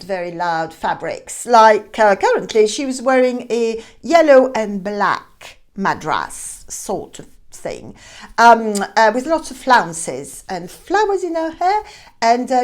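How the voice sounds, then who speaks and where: A woman telling a classic tale aloud in a chatty, expressive way with hesitant asides. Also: on the high side. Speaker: storyteller. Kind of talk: informal oral storytelling.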